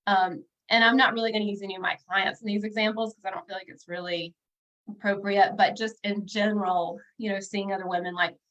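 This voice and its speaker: A woman's voice: medium pitch, steady tone, fairly quick, fairly bright tone. Chatty woman on a muffled livestream. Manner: chatty and upbeat, with frequent fillers, speaking directly to viewers. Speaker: bookkeeper and business coach. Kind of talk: casual livestream talk.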